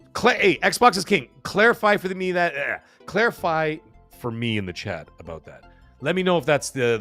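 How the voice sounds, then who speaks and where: A man hosting a live stream and reading out the chat. He talks fast and rambles, with lots of fillers and restarts. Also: medium pitch, fairly bright tone. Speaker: livestream host reading chat.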